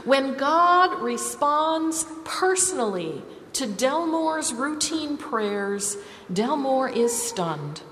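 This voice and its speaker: A woman delivers a sermon in a slow, storytelling way. Her fairly high voice rises and falls a great deal. She speaks in a reverberant hall with faint background noise. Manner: storytelling, measured and expressive. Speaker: preacher.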